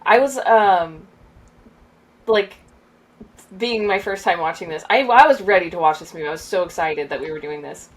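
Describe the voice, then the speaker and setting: A woman joins a relaxed movie chat, eager and expressive as she talks through her reactions, laughing often. Her voice sits on the lower side for a woman. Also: normal speed, pauses often. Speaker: podcast co-host. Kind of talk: casual movie discussion.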